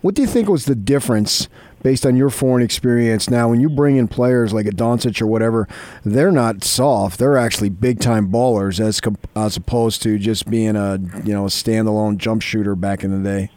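A man co-hosting a sports radio interview, asking questions in a deliberate, thinking-aloud way. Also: lowish voice, a little mellow, no room sound.

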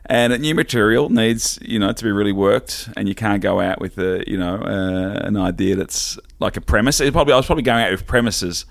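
A man's voice: on the low side, a little fast, gravelly, few pauses, no room sound, studio quality. A middle-aged Australian man, a stand-up comedian, telling stories in a rambling, self-deprecating way as a podcast guest. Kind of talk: casual storytelling chat.

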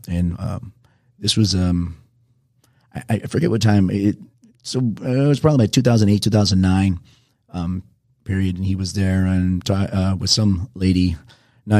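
Deep husky man telling rambling stories. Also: warm tone, no room sound, studio quality. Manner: rambling, self-correcting anecdotes. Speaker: bartender. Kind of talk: casual storytelling to viewers.

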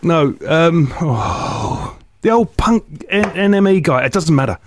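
A man's voice: fairly high pitch, measured pace, a little hiss or hum. A man, a comedian hosting a podcast, telling stories with energy and tagging his lines with "right?". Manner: energetic, keeps saying "right?". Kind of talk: casual storytelling chat.

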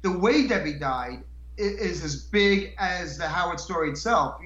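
A man's voice: high voice, lively intonation, unhurried, a bit bright, roomy sound, muffled recording. A man telling stories as a guest in a casual chat, rambling and laughing, with frequent restarts.

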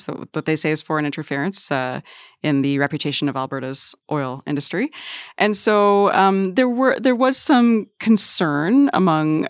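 A woman's voice: deep voice, no room sound, studio quality. A woman who is an education reporter, explaining a story on a podcast panel in a hesitant way with many fillers. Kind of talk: casual panel chat.

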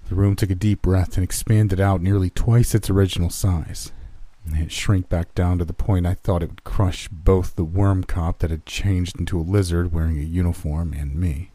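A man narrating a horror story in a measured, dramatic way. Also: sits low, fairly even intonation, mellow, dry recording.

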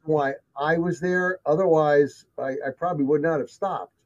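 A man's voice: fairly high pitch, moderate pace. A man telling his encounter stories in casual conversation, emphatic and repeating himself for effect. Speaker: guest telling of sightings. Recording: dull lo-fi sound.

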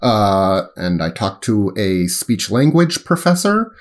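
A male podcast co-host and sports writer chats casually in a lowish, sing-song voice. His talk is halting and hesitant, full of ums and self-corrections.

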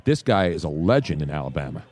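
A man's voice: rumbling low, big pitch swings, fast talker, darkish tone, slightly rough. An older man who grew up in South Philly, a sports radio host with trained neutral broadcast diction and a faint Philadelphia accent, chatting casually and animatedly on a live show. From USA, South Philly.

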